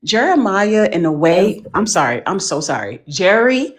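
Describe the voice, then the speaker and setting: A woman talking as a panelist in casual chat, animated and emphatic, full of slang. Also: mid-range voice, moderate pace.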